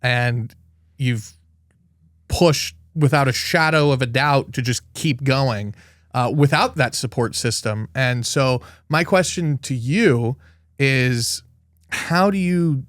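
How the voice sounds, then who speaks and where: A man's voice: medium pitch, no room sound, clean studio sound. A man hosting a podcast, asking a guest long earnest questions in casual talk. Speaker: podcast host. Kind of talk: casual interview chat.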